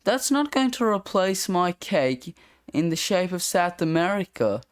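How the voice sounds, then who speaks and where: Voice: medium pitch, very animated, measured pace, smooth, no echo, clean studio sound. A reader doing a bossy scolding big sister. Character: bossy older sister, sharp-tongued. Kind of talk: comic strip read-aloud.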